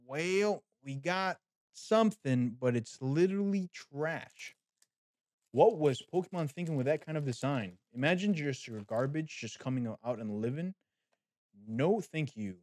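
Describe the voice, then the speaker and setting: A man's voice: on the high side, unhurried, pauses often, no echo, studio quality. A man hosting a card pack opening, talking casually and animatedly straight to his viewers. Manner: animated, chatty, talks to viewers as guys. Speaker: card-opening channel host.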